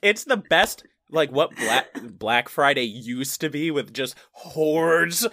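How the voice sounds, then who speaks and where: A man's voice: on the high side, expressive, takes it slowly, sharp tone. A man co-hosting a casual podcast chat, joking and playful, laughing often. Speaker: podcast co-host.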